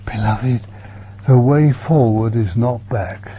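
Slow earnest man preaching, low voice, muffled old tape. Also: husky. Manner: earnest, repeats words, sometimes drops to a hush. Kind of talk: sermon. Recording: dull lo-fi recording with faint hum.

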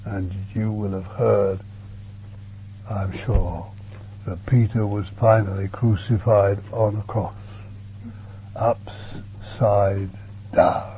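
A man preaching a sermon in an earnest way, repeating words and sometimes dropping to a hush, on a dull lo-fi recording with a faint hum. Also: lowish voice, flat delivery, takes it slowly, pauses often.

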